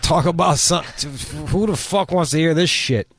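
A man's voice: on the high side, moderate pace, fairly bright tone, soft background music. Foul-mouthed man hosting a comedy show. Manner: blunt, swears constantly, riffs with mock voices. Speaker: podcast host. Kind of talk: profane comedic commentary.

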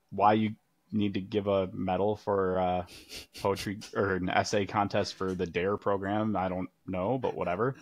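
Man, fairly low pitch, dry sound, easygoing, halting with fillers. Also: no room sound. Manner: easygoing, hesitant, many fillers. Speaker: podcast guest, teacher. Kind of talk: casual interview chat.

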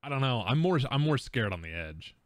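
A man's voice: medium pitch, very animated, brisk, no echo, clean studio sound. A man from southern Wisconsin with a Wisconsin accent, chatting casually and playfully while playing a board game. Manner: playful, drops pop-culture quips, muses aloud over moves. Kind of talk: casual chat during a game.

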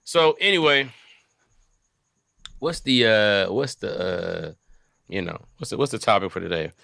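A man's voice: medium pitch, big pitch swings, normal speed, vocal fry, bright, forceful tone, dry recording, clean studio sound. A young man hosting a podcast with a comedian's style, joking and swearing a lot and often switching into silly voices. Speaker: podcast host. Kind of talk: casual comedic chat.

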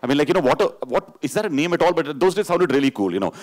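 A man's voice: a little high, big pitch swings, racing. Indian man telling a stage story. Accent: Indian English. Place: stage before an audience.

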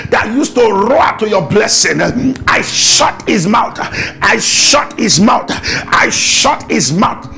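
A man preaching a fervent prayer sermon, shouting repeated declarations and breaking into tongues. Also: high-pitched, gravelly. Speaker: pastor.

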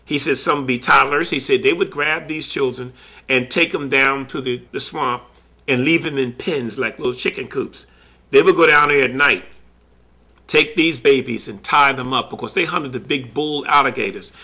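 A man, a collector, slowly retelling a story in earnest with many quoted back-and-forth exchanges. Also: mid-range voice, pushed and bright, husky. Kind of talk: recorded personal storytelling.

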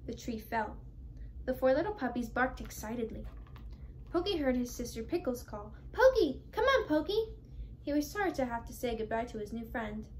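A teenage girl reading a children's picture book aloud in a clear, expressive way. Her voice sits fairly high, and she paces the story for young listeners. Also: brisk, a little hiss or hum. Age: teens. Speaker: storybook reader.

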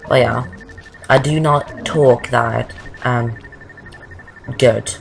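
Over game music, a gameplay commentator offers loose, meandering Let's Play talk during a walkthrough, frequently straying from the subject. Her voice is very deep and creaky, fairly level in tone, slow, and broken by frequent pauses. The audio is poor, with slight background noise.

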